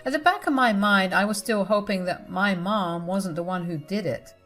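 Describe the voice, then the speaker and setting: A woman's voice: medium pitch, moderate pace, a bit bright, faint music behind. A young adult woman narrating a first-person family drama story, confiding and emotional, speaking straight to her listeners.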